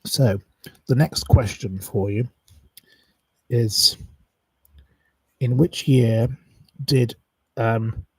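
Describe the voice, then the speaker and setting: A man's voice: medium pitch, very slow, pauses often, breathy edge, no echo, distant mic, poor audio. A man hosting a live quiz, chatting casually, rambling and reeling off long lists of wrong answers. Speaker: quiz host on a live stream.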